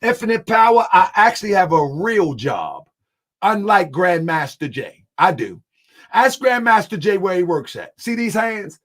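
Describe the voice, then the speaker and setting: A man hosting a livestream. He talks loudly and with animation, laughs often, and reads out and answers viewer comments. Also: sits high, big pitch swings, a little slow. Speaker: channel host.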